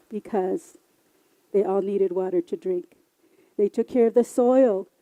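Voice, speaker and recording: A woman telling traditional and family stories live on stage, lively and expressive. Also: fairly high pitch, no echo, poor audio. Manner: lively, expressive, varies loud and soft. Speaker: storyteller. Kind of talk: live oral storytelling.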